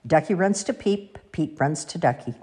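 Husky woman reading children's stories. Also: low voice, normal speed. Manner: expressive, sing-song. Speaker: storyteller. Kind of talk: children's story read-aloud.

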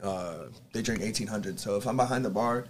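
A man's voice: lowish voice, brisk. A man, a bartender guest on a casual podcast, explaining his work in a laid-back, plain way.

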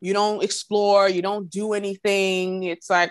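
Animated woman co-host, mid-pitched, dry close sound. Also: measured pace, hardly any pauses, no room sound. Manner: animated, acts out quoted voices. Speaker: podcast co-host. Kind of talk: casual podcast conversation.

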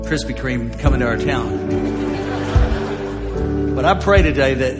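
A man preaching a sermon as pastor, moving from joking asides to shouted declarations. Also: mid-range voice, expressive, a little slow. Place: large church auditorium. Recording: live in a large hall with music behind.

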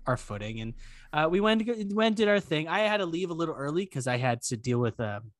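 A young podcast co-host tells a story in casual chat, animatedly acting out the people in it with quoted voices and casual swearing. His voice is on the high side and fairly quick, recorded in studio quality with no echo.

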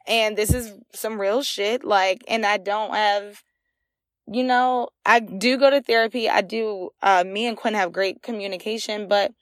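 A young woman with a fairly high voice tells a personal story on her own podcast. She talks in a raw, emotional, rambling way with lots of fillers, close to the mic in a dry room with no echo. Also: fairly bright tone. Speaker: podcast host. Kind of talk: candid solo podcast monologue.

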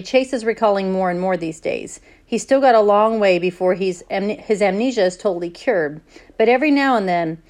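Woman teacher reading a novel out loud to her class, easygoing conversational read, middle pitch. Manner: plain, conversational read-aloud delivery.

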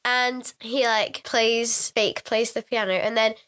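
A woman with a high, bright voice, retelling a story in casual chat. She keeps slipping into playful voices for the characters. Her talk is lively and conversational. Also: slow pace. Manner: playful, acts out characters' lines in funny voices. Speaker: podcast co-host.

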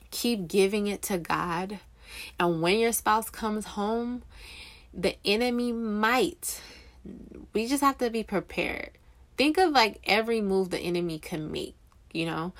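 A young woman talks about faith in a loose, earnest way, stopping to fix her words and filling gaps with "you know." Her voice sits a little low for a woman, and she leans warmly into her points. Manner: earnest, rambling, self-correcting with fillers. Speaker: Christian encourager speaking to waiting spouses. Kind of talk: casual faith talk.

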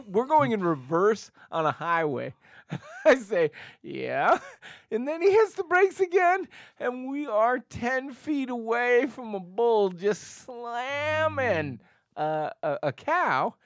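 Animated storytelling man, lively voice. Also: very high-pitched, slow pace, no echo, clean studio sound. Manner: animated storyteller, acts out voices and laughs often. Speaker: podcast co-host. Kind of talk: casual chat, storytelling.

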